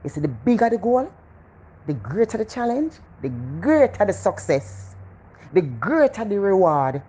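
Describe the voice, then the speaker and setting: A middle-aged woman with a Jamaican accent giving a casual motivational talk, animated and preachy, repeating phrases for emphasis. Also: medium pitch, moderate pace, breathy edge. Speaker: motivational vlogger.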